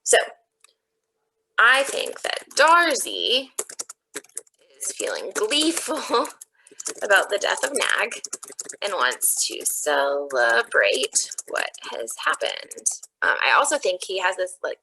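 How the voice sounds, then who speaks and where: A woman's voice: mid-range voice, wildly swooping pitch, takes it slowly, gravelly, long pauses, bright, forceful tone, a little hiss or hum, rough recording. A woman teacher walking students through a recorded online lesson, thinking aloud step by step as she types. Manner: thinks aloud step by step, explaining her reasoning.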